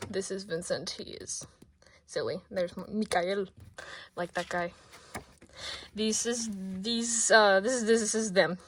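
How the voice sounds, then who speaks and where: A woman in her twenties, out of breath, chatting casually at her desk in a rambling, excitable way that often drops to soft mumbles. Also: medium pitch. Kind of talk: casual sketchbook tour vlog.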